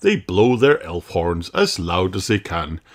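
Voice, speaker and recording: A man reading a children's story aloud, slow and expressive. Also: low voice. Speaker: storybook reader. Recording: noisy home recording.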